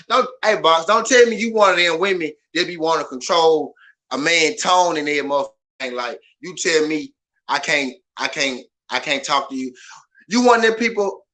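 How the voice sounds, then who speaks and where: Loud, ranting man with a bright, high voice. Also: animated, moderate pace. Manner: loud, passionate, profane, repetitive. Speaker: boxing podcast host. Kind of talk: animated ranting commentary.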